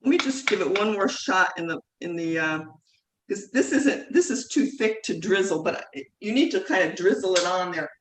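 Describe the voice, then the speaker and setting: A woman's voice: mid-range voice, expressive, normal speed. Chatty woman teaching cooking in an echoey room. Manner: chatty, rambling, self-correcting with frequent fillers. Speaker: cooking class instructor. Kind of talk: live online cooking demonstration. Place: home kitchen. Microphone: video call mic at a distance. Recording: echoey kitchen, distant mic, faint noise.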